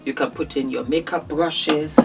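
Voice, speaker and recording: A woman's voice: low voice, steady tone, a little slow, heavy background noise. A woman presenting her own products in a casual vlog, gushing and calling her viewers endearing pet names. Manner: effusive, showers viewers with endearments.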